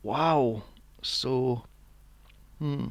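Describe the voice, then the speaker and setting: A podcast co-host with a medium-pitched voice speaks very slowly in a casual movie review chat, with no room sound. He rants in an exasperated, sweary way and mocks characters using silly voices.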